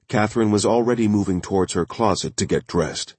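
Male thriller narrator, very low, husky, steady, dry booth sound. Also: brisk, hardly any pauses, no room sound. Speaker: audiobook narrator.

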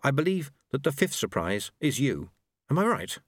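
A man's voice: mid-range voice, big pitch swings, moderate pace, no room sound, clean studio sound, voice pushed up. A man voicing an earnest young male monk who speaks urgently and politely.

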